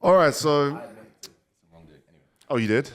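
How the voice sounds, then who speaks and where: A man's voice: a little high, slow pace. A man chatting casually as a podcast guest, swearing freely and calling people "bro" and "man" as he tells stories. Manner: swears freely, says "bro" and "man", lively when telling a story. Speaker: podcast guest, jiu-jitsu competitor. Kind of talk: casual chat, storytelling.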